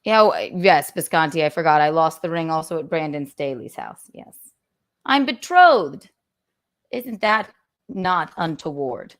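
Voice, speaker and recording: A woman's voice: sits low, normal speed. A woman hosting her own live stream in a casual, playful and theatrical way, humming nonsense sounds as she adjusts her studio mic. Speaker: host. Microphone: own studio mic, adjusting its volume.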